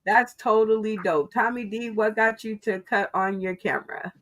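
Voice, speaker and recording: A woman's voice: medium pitch, moderate pace, fairly bright tone. A woman hosting an online comedy game show over a video call, laid-back and chatty.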